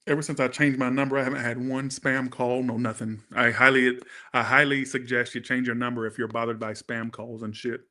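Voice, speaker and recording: A man's voice: mid-range voice, little pitch movement, brisk, few pauses, bright, forceful tone. A man doing a casual, chatty live-stream tarot reading, thanking viewers and swearing freely. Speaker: tarot reader.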